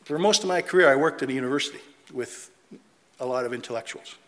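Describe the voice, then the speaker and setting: A middle-aged man preaching a sermon in an animated way, mocking opponents' voices and reading scripture aloud. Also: mid-range voice, fast. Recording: long hall reverb.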